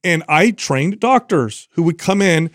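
A man's voice: on the high side, animated, a little slow, dry recording, clean studio sound. A man in his forties co-hosting a podcast, talking emphatically and often repeating words as he starts a sentence. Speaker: podcast co-host. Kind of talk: casual discussion.

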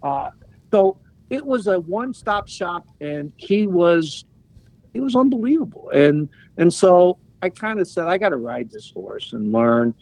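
A man in his sixties, a podcast guest telling animated anecdotes and laughing as he goes. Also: high voice, unhurried, no room sound, poor audio. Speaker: guest, former soccer player. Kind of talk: casual storytelling.

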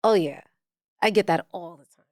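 A woman, hosting a casual interview, quick, emphatic and playful. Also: on the low side, darkish tone, no room sound, clean studio sound. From Puerto Rican, living in the Bronx. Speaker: podcast host.

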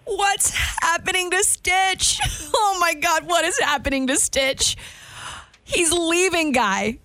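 Weepy hysterical drunk woman, bright and high, acted by a woman. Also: slow, exaggerated voice. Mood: crying. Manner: crying hysterically. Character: hysterically crying tipsy young woman.

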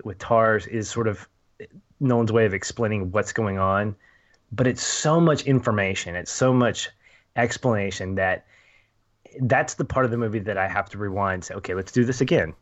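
A man's voice: lowish voice, a little slow, lo-fi sound. A man chatting casually about a film, thinking aloud and acting out little quoted asides.

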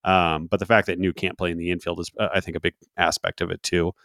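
A man's voice: sits low, little pitch movement, quick pace, gravelly, a bit bright, no room sound, studio quality. A man co-hosting a sports podcast, talking in a rambling way with many fillers and restarts. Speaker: podcast co-host. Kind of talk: casual sports chat.

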